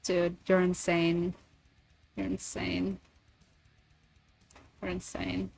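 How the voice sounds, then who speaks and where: A woman's voice: fairly low pitch, monotone, drawn-out words, vocal fry, a little mellow, faint music behind. A woman streamer chatting casually and rambling, swearing freely between thoughts. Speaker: streamer and voice actor. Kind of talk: casual livestream chat.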